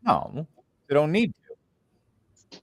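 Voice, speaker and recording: A man from Canada chatting casually as a co-host, with wry, deadpan asides. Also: fairly high pitch, slow, no room sound. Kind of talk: casual chat.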